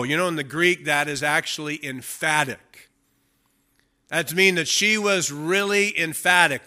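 A man delivers a sermon with a very bright, tense edge to his voice. He sits a little high in pitch for a man. He reads scripture aloud and leans on key lines by slowing down hard. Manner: emphatic, slows down to stress key phrases. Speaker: preacher. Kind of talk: sermon with Bible reading.

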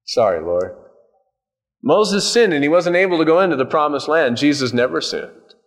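A man's voice: on the high side, lively intonation, brisk. A male pastor preaching a sermon in a conversational way, with folksy asides and touches of humor.

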